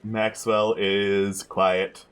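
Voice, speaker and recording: A man narrating a tabletop game as game master in short, deliberate descriptions. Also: lowish voice, flat delivery, smooth. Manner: terse, deliberate scene narration.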